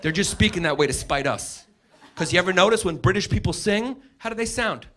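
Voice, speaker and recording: A middle-aged man from the United States doing a live stand-up set, ranting brashly and profanely with loud mocking impressions, on a comedy stage with a handheld mic. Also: high voice, animated, a little fast. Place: comedy stage before a laughing audience. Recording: noisy live club recording.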